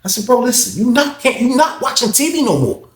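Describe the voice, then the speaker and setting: Brief: New man, animated storyteller, slang-heavy, voices other people, roomy echo. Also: a little fast. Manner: acts out other people's voices, jumps high when excited. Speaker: storyteller recounting prison life. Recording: echoey room.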